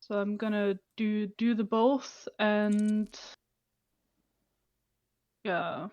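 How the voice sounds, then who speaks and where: A woman's voice: mid-range voice, fairly even intonation, drawn-out words, a little mellow, dry recording. A woman at a tabletop game talks bluntly and swears freely as she works her numbers out aloud. Her voice comes through a dry, dull lo-fi mic with no room sound. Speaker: player. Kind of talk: casual tabletop play.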